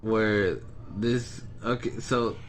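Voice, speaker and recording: A man's voice: on the low side, drawn-out words, a little hiss or hum. A young man co-hosting a casual podcast, telling a story from work and acting out the quotes with a raised voice. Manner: animated, acts out quotes with raised voice. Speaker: podcast co-host.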